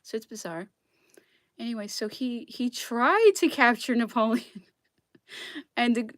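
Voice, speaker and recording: A woman history vlogger reads memoirs and rants about them with passion, swinging from loud outbursts to hushed whispers and tacking on a pointed "okay?". Her voice is on the high side, animated and unhurried, in clean studio sound with no echo.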